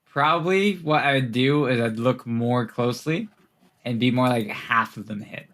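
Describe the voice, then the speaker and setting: A man's voice: medium pitch, normal speed, a bit bright. Casual young man running a tabletop game. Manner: casual, laughing often, many fillers. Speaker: game master.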